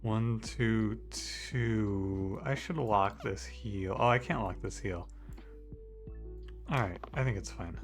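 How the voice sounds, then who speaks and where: A man's voice: lowish voice, slow pace, faint music behind. A man casually commenting on his own game run, talking to the characters and breaking into exasperated outbursts at bad luck. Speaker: video game streamer.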